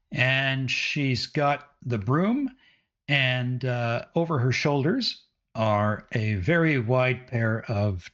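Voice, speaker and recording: A man narrating as game master of a tabletop game, with many fillers and pauses. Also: mid-range voice, fairly bright tone. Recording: dull lo-fi audio.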